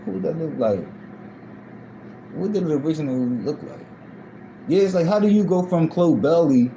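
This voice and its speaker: A man chatting loosely on a live video, swearing freely and laughing through his stories. His voice is very dark and mellow and his pace is unhurried. The sound is roomy, with echo around him. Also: a little high, slight background noise. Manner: profane, laughing often, loose and rambling. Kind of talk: casual gossip chat.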